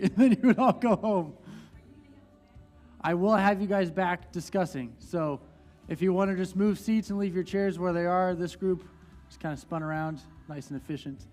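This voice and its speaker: A man's voice: high-pitched, a little mellow. A young man pastor teaching a church group from the stage in a conversational way, with restarts and light laughs.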